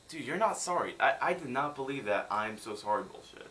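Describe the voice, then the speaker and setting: Bright-voiced exasperated young man. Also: medium pitch, lively intonation, brisk, few pauses, a little hiss or hum. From United States. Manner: exasperated, sarcastic ranting. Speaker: film reviewer. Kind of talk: ranting film review vlog.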